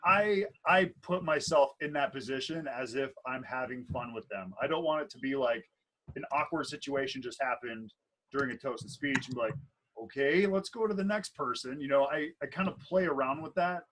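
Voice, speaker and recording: This wedding DJ and MC, a man in his thirties, co-hosts a laid-back podcast conversation, spinning playful, meandering stories and often starting over. His voice sits at medium pitch, a bit bright and fairly quick, captured in low quality with slight background noise.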